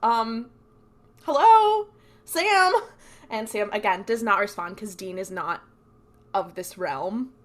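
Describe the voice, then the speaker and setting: A young adult woman co-hosting a podcast, recapping episodes in animated casual chat full of "like". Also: mid-range voice, moderate pace. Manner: animated storytelling, fills speech with "like". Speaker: podcast co-host.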